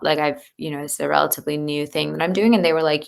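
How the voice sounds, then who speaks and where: She talks fast with hardly any pauses, her low voice gravelly yet fairly bright. This American leadership coach is an interview guest in a conversational exchange, speaking candidly and earnestly with lots of fillers.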